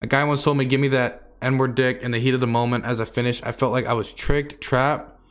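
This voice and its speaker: A man's voice: mid-range voice, steady tone, fast talker, fairly bright tone, clean tone. Candid, exasperated male streamer. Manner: candid, exasperated, rambling with many fillers. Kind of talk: casual storytelling to a stream audience.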